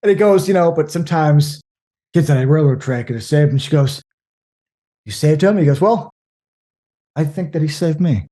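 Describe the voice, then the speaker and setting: Rambling, animated man chatting about movies. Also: fairly high pitch, moderate pace, pauses often. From American Midwest. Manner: rambling, animated storyteller with many restarts. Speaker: podcast guest. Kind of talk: casual movie chat.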